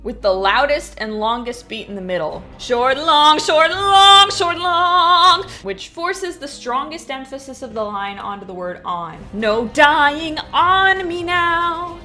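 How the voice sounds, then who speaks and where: A woman's voice: medium pitch, fairly bright tone. Wry woman nitpicking a review. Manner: opinionated, nitpicking, dryly humorous. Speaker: video essay host. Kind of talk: scripted review commentary.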